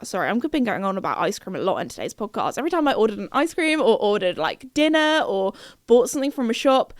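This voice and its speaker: A woman's voice: medium pitch, sing-song, fast talker, dry recording, studio quality. A young British woman hosting her podcast, chatting casually and giggling, with plenty of fillers and restarts. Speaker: podcast host. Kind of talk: casual chat.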